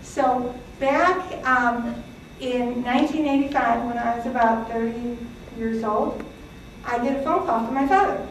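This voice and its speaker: A woman's voice: a little high, measured pace, a little hiss or hum. A woman in her sixties, born in Greece, giving a chatty talk to an audience, with many fillers and laughs. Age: 60s. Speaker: presenter. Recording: echoey hall from far off.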